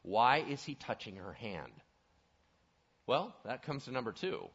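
Pastor guy preaching, lively swoopy voice, asks the crowd stuff, muffled lo-fi recording. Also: medium pitch, a little slow, breathy edge. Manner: animated, asks the audience questions. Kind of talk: sermon. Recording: dull lo-fi recording.

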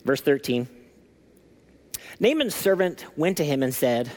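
A man preaching a sermon as lead pastor, telling a story in a lively, animated way. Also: fairly high pitch, a little slow, long pauses. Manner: animated storytelling, acting out scripture.

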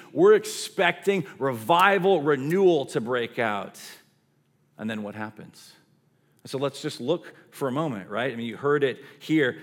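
Male pastor, mid-pitched, animated storyteller with casual asides in a sermon.

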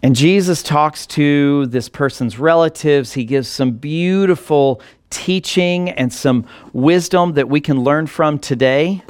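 A man's voice: a little high, slow pace, hardly any pauses, no room sound, clean studio sound. A male pastor preaching a sermon in an earnest way that builds to emphatic passages.

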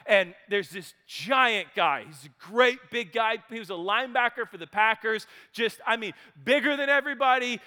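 Animated storytelling preacher, high bright voice. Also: male voice, normal speed, hardly any pauses, in a large hall. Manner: animated, swings from loud to hushed. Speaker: speaker. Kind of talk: storytelling sermon.

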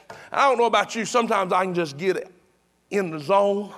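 A man's voice: high voice, fairly quick, fairly bright tone. A pastor preaching to his congregation in a chatty, repetitive way, with emphatic restarts. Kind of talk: sermon.

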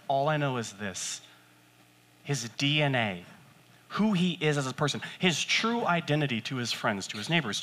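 Guy preaching to his church, bright punchy voice, chatty, does little voices for quotes. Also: a little hiss or hum. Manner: conversational preaching with acted-out quotes and sudden pitch jumps. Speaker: pastor. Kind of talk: sermon.

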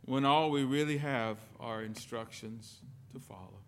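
A man preaching a sermon as pastor, telling stories with sudden swings between loud and soft. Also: medium pitch, unhurried, clean tone. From lived in the United Kingdom.

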